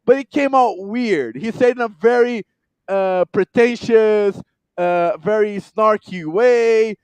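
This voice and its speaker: A man's voice: sits high, smooth, no echo, muffled recording. A man with a Brazilian Portuguese accent, not a native English speaker, co-hosting a casual sports podcast with lots of fillers and restarts. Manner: animated, halting with many fillers. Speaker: podcast co-host.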